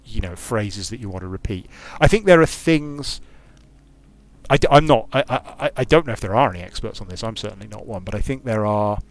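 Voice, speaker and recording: A man's voice: lowish voice, expressive, brisk. A British man, a game designer, giving casual, digressive commentary while he plays a strategy game. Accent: British English. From United Kingdom. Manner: digressive, musing aloud. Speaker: game designer streaming his play.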